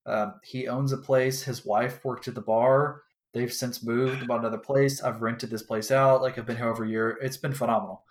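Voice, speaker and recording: A man's voice: mid-range voice, level tone, moderate pace, few pauses. Rambling young man in an echoey room. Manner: rambling storyteller, acts out quotes, swears freely. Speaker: podcast co-host. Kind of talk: casual chat.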